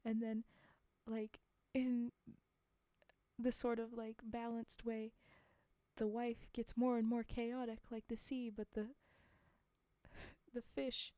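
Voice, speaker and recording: A woman's voice: fairly high pitch, flat delivery, takes it slowly, pauses often, dark tone, dry recording. A woman reading fairy tales aloud on a live stream, breaking off for chatty, laughing asides to her chat. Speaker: storyteller streamer.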